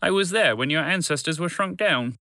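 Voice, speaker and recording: A man's voice: fairly high pitch, lively intonation, normal speed, bright, forceful tone, no echo. A man voicing a proud, careful orange male dragon in a children's story, earnest and bossy when alarmed.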